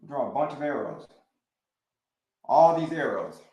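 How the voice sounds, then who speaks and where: A man hosting a live stream as a health coach, talking in an animated way, repeating his phrases and calling his viewers folks. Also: a little high, unhurried, echoey room, muffled recording.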